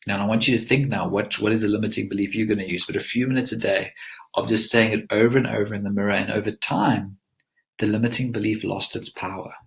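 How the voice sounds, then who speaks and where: A man's voice: fairly low pitch, steady tone, fast talker, gravelly. A man presenting a live webinar as a mindset coach, teaching in an earnest, emphatic coaching tone.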